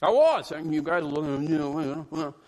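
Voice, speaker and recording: Male pastor, middle-aged, high voice, lively joking sermon with hollers, church hall reverb. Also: fairly quick. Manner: animated, jokes with the congregation, hollers. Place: church sanctuary.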